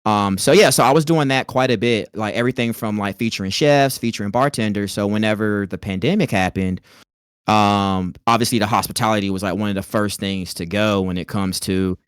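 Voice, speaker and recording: A man's voice: on the low side, brisk, smooth, no room sound, clean studio sound. A man from North Carolina with a light Southern twang, chatting in a laid-back way as a podcast guest. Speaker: podcast guest, content creator. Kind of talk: casual interview chat.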